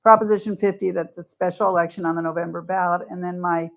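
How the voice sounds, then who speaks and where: Woman political guest, lowish voice with fry, conversational. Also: fairly even intonation, fast. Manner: conversational, explains at length with restarts. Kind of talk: radio interview talk. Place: radio studio.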